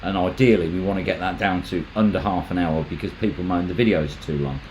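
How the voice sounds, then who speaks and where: A man's voice: deep voice, fast talker, a little mellow, a little hiss or hum, poor audio. A man hosting a casual livestream, chatting in a rambling way, restarting his sentences and reading out viewer comments. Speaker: magnet fishing channel host.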